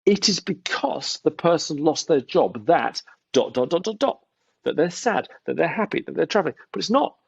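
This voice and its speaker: A man's voice: fairly high pitch, vocal fry, breathy edge, no room sound. A man, a guest entrepreneur, chatting casually in an interview and acting out the voices he quotes. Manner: animated storytelling, acts out quoted voices. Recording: dry, dull lo-fi sound.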